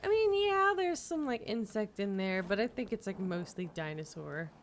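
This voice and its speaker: A woman's voice: mid-range voice, animated, moderate pace, a little hiss or hum. Playful giggly woman streamer. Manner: playful, giggly, sings silly tunes. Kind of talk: casual gaming stream chat.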